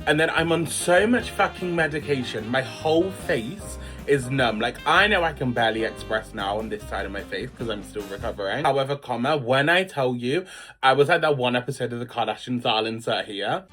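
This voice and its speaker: A man's voice: medium pitch, lively intonation, brisk, fairly bright tone, soft background music. A man, chatting casually in a slangy, dramatic storytime vlog. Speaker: vlogger.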